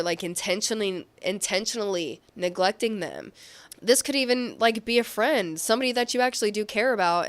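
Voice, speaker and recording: A woman's voice: mid-range voice, clear, resonant tone. A woman giving a casual tarot reading, talking in a loose, rambling way and correcting herself as she goes. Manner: rambling, self-correcting, with fillers. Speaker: tarot reader.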